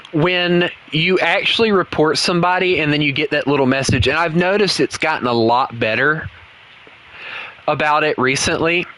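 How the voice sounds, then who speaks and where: A man's voice: a little high, low-quality recording. A man streaming a game and chatting casually with viewers, playful and teasing. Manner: playful, teasing, slow and rambling. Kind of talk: casual gaming chat with viewers. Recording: loud game noise and vehicle sounds behind.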